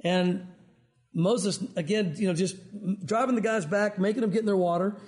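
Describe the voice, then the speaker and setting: A man's voice: high voice, normal speed. A man giving a conversational Bible teaching to a men's group. He tells stories in a chatty way and says "you know" often. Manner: chatty, sprinkled with "you know", animated storyteller.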